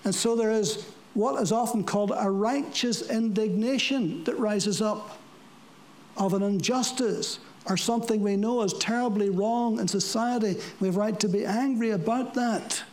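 Before a congregation at a church service, a preacher gives a sermon in plain language, mixing rhetorical questions and dry asides and easing his pace for scripture. His mid-range voice is a little mellow, and the audio quality is poor.

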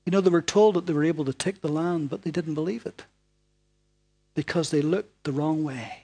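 A man preaching a sermon in a dramatic way, moving from loud, emphatic lines down to hushed, almost whispered ones. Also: on the high side, normal speed, husky.

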